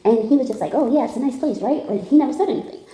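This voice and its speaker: Young adult woman, slangy and lively, telling a story; mellow, fairly high voice in a roomy space. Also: racing. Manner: animated, laughs often, slangy, quotes people in dialogue. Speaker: tarot reader telling a story. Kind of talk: casual storytelling.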